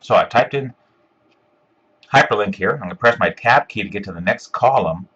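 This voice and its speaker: A man giving a step-by-step screencast software tutorial, talking casually with lots of ums and uhs. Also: fairly low pitch, expressive, normal speed, husky, dull audio. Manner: step-by-step, filler-heavy with frequent ums and uhs. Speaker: instructor.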